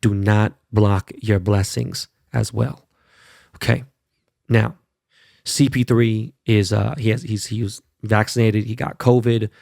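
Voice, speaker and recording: Gravelly, profane podcast host ranting. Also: male voice, fairly low pitch, fairly even intonation, unhurried, darkish tone, no room sound, studio quality. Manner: blunt, profane, fired-up, peppers lines with "right?" and "okay?". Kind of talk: profane casual monologue.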